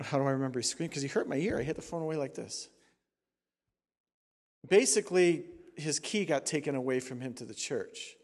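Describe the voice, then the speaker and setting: Emphatic pastor preaching in a reverberant hall. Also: male voice, medium pitch. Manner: emphatic preaching, swings from quiet asides to loud rising exhortation. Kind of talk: sermon.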